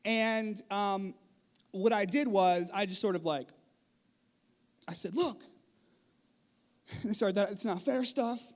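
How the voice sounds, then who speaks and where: A middle-aged man, a pastor, preaching a sermon in a lively storytelling manner, acting out scenes from his family life. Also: sits high, takes it slowly, pauses often. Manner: animated storytelling, acts out his kids and himself. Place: church stage.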